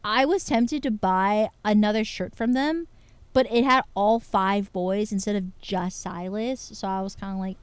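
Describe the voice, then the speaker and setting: A woman streaming casual chat to her viewers, excitable and full of filler words. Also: mid-range voice, a little slow, smooth, no room sound.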